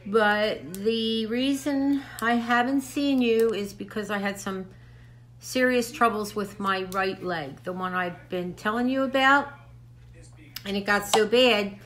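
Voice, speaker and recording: A woman's voice: medium pitch, slow pace, fairly bright tone. An older woman hosting a crafts channel, chatting to camera in a rambling way and a little out of breath. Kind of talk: casual chat to camera.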